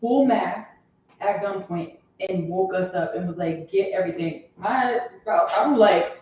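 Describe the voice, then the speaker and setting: Brief: blunt woman from Pennsylvania who swears, mid pitch, muffled recording. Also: takes it slowly, slight background noise. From Harrisburg, Pennsylvania. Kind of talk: casual storytelling chat. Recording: echoey, distant, muffled room recording.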